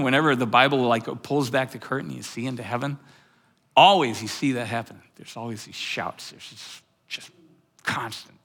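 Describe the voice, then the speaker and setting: Bright, intense preaching man. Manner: builds from low musing to loud, rising exclamations; repeats words, restarts, chuckles mid-sentence. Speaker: pastor. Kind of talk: sermon.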